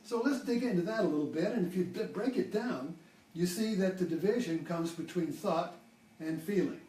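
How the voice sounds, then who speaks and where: Older guy rambling thru a spiritual talk, high-ish voice, roomy sound, mic kinda far off. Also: expressive, normal speed, a little mellow, slight background noise. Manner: rambling, with many restarts and fillers. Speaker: spiritual teacher.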